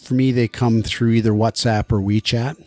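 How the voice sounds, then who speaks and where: A man's voice: mid-range voice, little pitch movement, normal speed, warm tone, no echo. A man co-hosting a casual podcast chat, agreeable and chiming in with short reactions. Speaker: podcast co-host.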